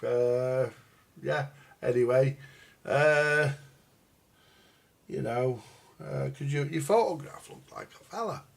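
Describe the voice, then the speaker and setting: A man's voice: medium pitch, slow, gravelly, long pauses. Older man, rambling, crude jokes, calls viewers guys, live-stream chat. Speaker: record collector vlogger.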